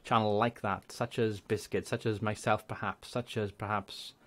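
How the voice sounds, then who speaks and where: A young man with a Welsh accent, a gaming YouTuber chatting casually and rambling through channel shout-outs. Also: fairly low pitch, flat delivery, normal speed. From Wales. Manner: chatty, rambling, laughs often.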